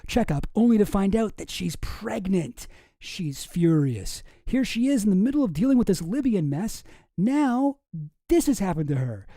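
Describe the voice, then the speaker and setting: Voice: medium pitch, dark tone, no echo, clean studio sound. A streamer from Canada giving casual, profane, rambling political commentary with a sarcastic edge.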